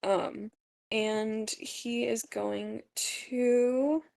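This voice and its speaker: Slow, gravelly woman playing a tabletop game. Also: on the high side, steady tone, darkish tone. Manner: hesitant, asks rules questions. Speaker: player. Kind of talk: tabletop game play, casual chat.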